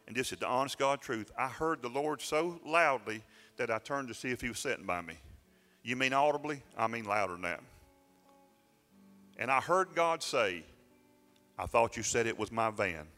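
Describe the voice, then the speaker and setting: A pastor telling a personal story in a sermon, folksy and self-mocking, dropping into plain dialect grammar. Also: male voice, medium pitch, bright, forceful tone. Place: church sanctuary. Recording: church sanctuary with long reverb and faint music.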